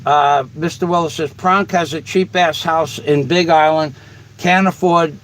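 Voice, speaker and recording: A man's voice: on the high side, fairly even intonation, unhurried, fairly bright tone, rough recording. A man hosting a casual livestream, reading viewer comments in a blunt, profane, rambling way. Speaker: livestream host.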